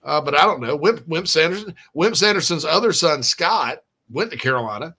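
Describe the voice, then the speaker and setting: A man hosts a casual sports chat, his voice bright and slightly high. He rambles through stories, restarting often and laughing along the way. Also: expressive, brisk, slightly rough. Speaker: sports podcast host.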